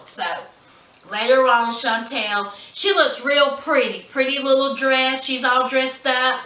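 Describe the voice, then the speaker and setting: Sassy high bright-voiced woman recapping. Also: steady tone, slow, recorded from a distance. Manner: sassy, gossipy storytelling with drawled asides. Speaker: reality TV recap vlogger. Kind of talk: casual episode recap. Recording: echoey room, mic set back.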